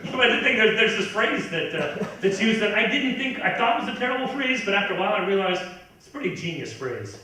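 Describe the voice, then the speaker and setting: A middle-aged man doing a stand-up comedy set in a club, ranting and incredulous, sometimes building to a shout. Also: sits high, big pitch swings, brisk, a crowd in the background. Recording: echoey club from far off.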